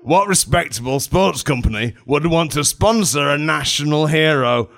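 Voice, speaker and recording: A man's voice: on the high side, lively intonation, normal speed, vocal fry, fairly bright tone, pitched above the performer's own voice. A man voicing a jovial, blustering male God in a put-on Scottish accent, rambling in a hearty, mock-grand way. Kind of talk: improvised comedy role-play.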